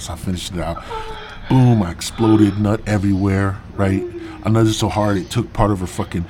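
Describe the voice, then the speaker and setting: A man's voice: lowish voice, moderate pace, background noise. A man hosting a podcast, telling a crude comic story in a profane, rambling way. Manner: profane, rambling, animated retelling. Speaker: podcast host.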